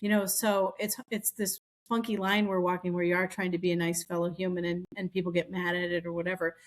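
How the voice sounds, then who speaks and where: She's a middle-aged woman co-hosting a podcast, with a fairly low voice that barely moves in pitch and a brisk delivery. In casual chat she recounts stories and mimics the people she's quoting.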